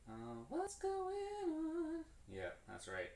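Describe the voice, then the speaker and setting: A man's voice: very high-pitched, huge pitch swings, slow pace, darkish tone. A man explaining drum stickings in a loose, rambling way as he practices on a stream, correcting himself and counting hands aloud. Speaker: drummer streaming his practice. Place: room with a drum kit. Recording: echoey room, distant mic, clear background noise.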